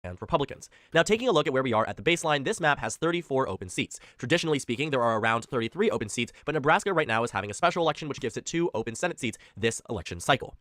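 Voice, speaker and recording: A man narrating a scripted political explainer video in a brisk, informative way. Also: mid-range voice, expressive, fairly bright tone, dry recording, studio quality.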